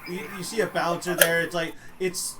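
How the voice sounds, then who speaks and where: A man's voice: high-pitched, flat delivery, normal speed, heavy background noise. A young man narrating as game master for a streamed tabletop game, rambling with many fillers and casual swearing.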